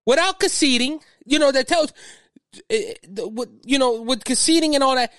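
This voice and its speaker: High-voiced, agitated Cajun man. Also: normal speed, a bit bright, dry recording, studio quality. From Louisiana. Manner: agitated, rambling, repeats words. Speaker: podcast host. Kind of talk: political podcast commentary.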